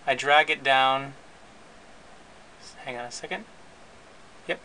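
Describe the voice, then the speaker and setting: A man hosting his podcast, casually walking through his recording and editing setup in a relaxed, rambling way with frequent restarts. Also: medium pitch, slow, a little hiss or hum, low-quality recording. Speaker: podcast host and editor. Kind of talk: casual gear walkthrough.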